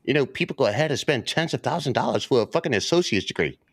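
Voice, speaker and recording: A brash, foul-mouthed man riffs in a casual stream chat. His pitch swings widely as he rants, and the sound is dry and close with no room around it. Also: animated, very fast, no echo. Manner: profane, brash ranting sales pitch. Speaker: trading stream co-host.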